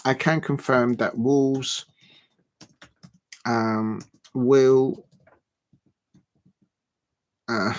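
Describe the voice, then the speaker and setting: A man hosting a football livestream in casual chat, rambling and halting with many fillers and frequent chuckles. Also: mid-range voice, steady tone.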